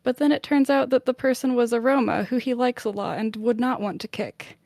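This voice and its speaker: A woman on a book club podcast casually retelling a chapter of a novel, chatty and animated, with plenty of "like". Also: on the high side, brisk, no echo, clean studio sound. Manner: chatty, lots of "like", animated summarising.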